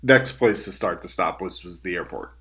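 A man's voice: low voice, normal speed, sharp tone. A young man co-hosting a podcast in casual chat, sarcastic, swearing freely and doing mocking voices. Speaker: podcast co-host.

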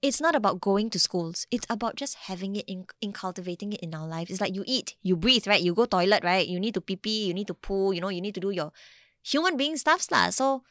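Singaporean-accented woman, podcast guest, animated storytelling, mid pitch, dry close sound. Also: a little fast, no room sound. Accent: Singaporean English. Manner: animated storytelling, acts out quotes. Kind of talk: casual podcast conversation.

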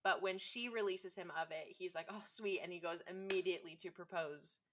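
A woman's voice: on the low side, steady tone, a little fast, a little hiss or hum. A woman chatting casually and enthusiastically, with lots of fillers. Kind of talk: casual chat.

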